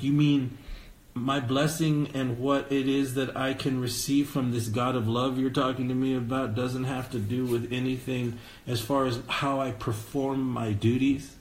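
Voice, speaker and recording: A man's voice: medium pitch, reverberant, a little hiss or hum, rough recording. A man preaching a podcast sermon in an earnest, conversational way, stressing key words and posing rhetorical questions. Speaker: pastor.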